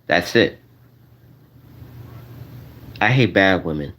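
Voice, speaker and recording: A man's voice: expressive, takes it slowly, fairly bright tone. A man doing a stand-up rant to a crowd, repeating himself and sounding exasperated, his voice shooting up when he gets indignant. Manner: repetitive, exasperated, voice jumping high when indignant.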